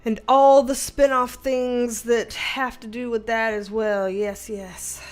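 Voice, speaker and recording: A woman's voice: on the high side, flat delivery, takes it slowly, soft background music. A woman with a Southern American accent, hosting a casual livestream, reading viewer comments and laughing often. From Southern United States. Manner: laughs often, chatty and slangy. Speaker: livestream host.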